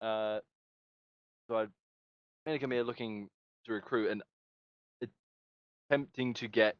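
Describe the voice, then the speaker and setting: A man's voice: fairly low pitch, fairly even intonation, a little slow, clean tone, no echo. A man playing a tabletop game, speaking bluntly and swearing casually. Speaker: player. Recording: dull lo-fi mic.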